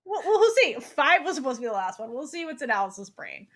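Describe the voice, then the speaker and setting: Woman co-host in loose book talk, pitched a touch high, eager and rambling. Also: lively intonation, fast, pushed and bright. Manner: enthusiastic, rambling with many "like"s. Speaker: podcast co-host. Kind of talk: casual book club chat.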